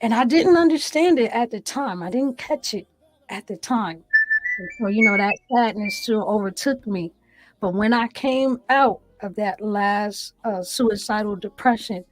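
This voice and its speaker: A woman's voice: mid-range voice, measured pace, no echo, poor audio. Earnest woman preaching her own testimony. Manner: earnest, preacherly, repeats phrases for emphasis. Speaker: guest. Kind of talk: testimony interview. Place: small home room.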